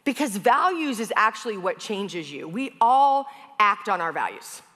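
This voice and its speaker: A woman's voice: mid-range voice, big pitch swings, moderate pace, a bit bright. A woman pastor giving a conversational sermon, telling stories in a chatty way with casual fillers. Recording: long hall reverb.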